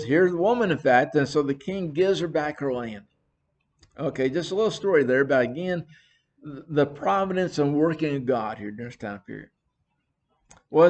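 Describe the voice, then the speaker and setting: Male Bible study teacher, slightly raised pitch, chatty retelling with restarts. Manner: retells scripture in plain words, with frequent restarts and fillers.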